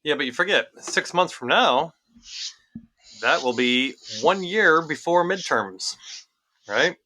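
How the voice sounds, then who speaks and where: A man co-hosting a casual political podcast, talking fast and animated, repeating phrases for emphasis. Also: fairly high pitch. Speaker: podcast co-host.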